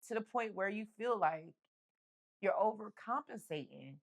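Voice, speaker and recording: A woman's voice: mid-range voice, lively intonation, moderate pace. A middle-aged woman, an interview guest, telling her own story candidly and acting out the people in it. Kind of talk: emotional personal storytelling.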